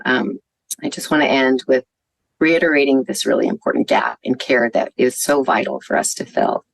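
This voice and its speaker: A woman physician gives an earnest, warm conference talk at a conference venue, telling stories with some fillers. Her voice rumbles low with vocal fry. The audio is poor, with no room sound.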